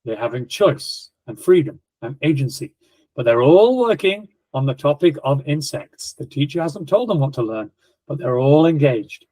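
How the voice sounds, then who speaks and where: Middle-aged guy telling classroom stories, acts out scenes, voice on the higher side, dry sound. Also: expressive, normal speed, dark tone, dry recording, poor audio. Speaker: education guest speaker. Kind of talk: animated storytelling explanation.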